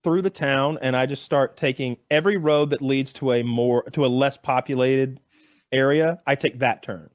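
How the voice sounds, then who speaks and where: A man in his thirties on a podcast, telling a story in a casual, animated way and jumping up in pitch when he acts out voices. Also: normal speed, no echo, clean studio sound. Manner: animated storyteller who jumps high acting out voices.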